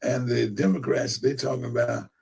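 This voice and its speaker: Gravelly, raspy-voiced older-sounding preacher man. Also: medium pitch, fairly even intonation, normal speed, a little mellow. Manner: rambling, fond of big words. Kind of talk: preaching commentary.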